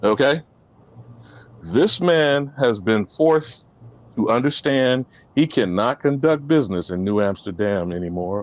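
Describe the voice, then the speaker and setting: A man giving impassioned commentary, preachy and emphatic, his voice swinging from loud to soft. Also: lowish voice, highs cut off.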